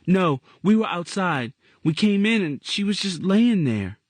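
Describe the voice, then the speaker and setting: A man reading aloud voices a frightened young boy who shouts urgently in a high voice. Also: big pitch swings, a little slow, no room sound, exaggerated voice. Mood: worried.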